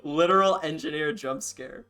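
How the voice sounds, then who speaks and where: A man's voice: on the high side, moderate pace, bright, forceful tone, clean tone, faint music behind. A man streaming a game, casual and profane, joking between reads. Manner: profane, joking, bursts into laughter. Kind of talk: casual live-stream commentary.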